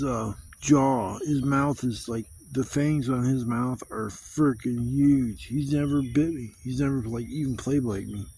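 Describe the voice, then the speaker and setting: A man rambles through stories at a nighttime campsite, swearing freely and getting animated as he goes. His voice is dark and mellow. Faint crickets and insects chirp in the background. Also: medium pitch, a little hiss or hum. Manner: profane, rambling, animated when retelling stories. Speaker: camping vlogger. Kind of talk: casual rambling storytelling. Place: campsite in the woods, outdoors.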